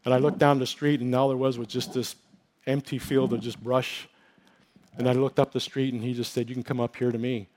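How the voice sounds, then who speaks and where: A man's voice: mid-range voice, flat delivery, brisk, darkish tone. A middle-aged male pastor giving an earnest, emotional testimony in a sermon, telling his story with many fillers and restarts.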